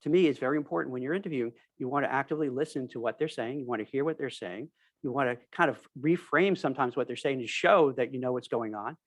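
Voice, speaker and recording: A man's voice: mid-range voice, quick pace, no room sound. A man from New York on a recruiting panel, giving emphatic advice with energy. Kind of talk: casual panel discussion.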